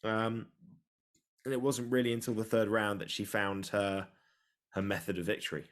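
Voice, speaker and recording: A man with a low, deep voice talks in a loose, excitable way, joking as he goes. It sounds like an easy chat among friends on a podcast. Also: normal speed. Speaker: podcast co-host. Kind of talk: casual sports chat.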